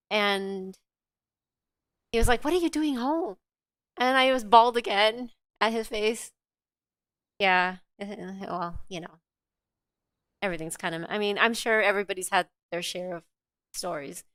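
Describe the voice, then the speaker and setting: A woman's voice: medium pitch, a bit bright, clean tone, dry recording. Candid, rambling middle-aged woman. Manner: candid and rambling, with frequent fillers and swearing. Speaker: co-host. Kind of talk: casual personal storytelling.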